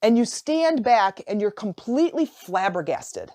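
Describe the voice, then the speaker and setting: A woman hosting a motivational coaching podcast, telling a story in a casual, animated way, often repeating and restarting her phrases. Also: mid-range voice, unhurried. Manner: animated, acts out imagined dialogue. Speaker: podcast host and life coach.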